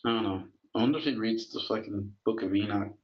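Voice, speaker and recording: A man talking in loose, profane casual chat. He slows down and halts when the topic turns heavy. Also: fairly low pitch, slight background noise. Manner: loose, profane, talks while eating and moving around; slow and halting on heavy topics. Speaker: guest in a conversation. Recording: dull lo-fi, roomy echo.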